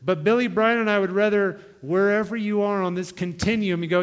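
A young man preaching to his congregation with earnest urgency, slipping into quoted asides as he exhorts. His voice sits a little high, and the church hall adds a long reverb. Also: steady tone, fairly quick, few pauses. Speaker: pastor. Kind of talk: sermon.

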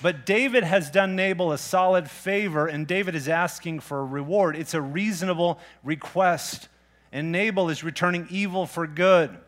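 Conversational male preacher with a higher voice. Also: moderate pace, fairly bright tone. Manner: conversational, plain-spoken preaching with rhetorical questions. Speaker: pastor. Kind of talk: sermon.

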